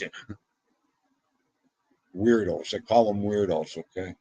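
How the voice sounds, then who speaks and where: A man hosts a casual livestream, chatting excitably with his viewers in a gravelly, husky voice whose pitch leaps up suddenly. He keeps a measured pace, and the sound is dry, close and dull, with no room echo.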